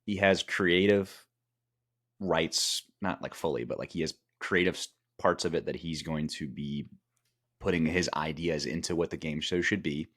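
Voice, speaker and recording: A man with a very low voice chats loosely on a podcast, drifting between thoughts and restarting sentences. He sounds tired as he talks. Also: normal speed, a bit bright. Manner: rambling, restarts often. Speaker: podcast co-host. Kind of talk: casual podcast chat.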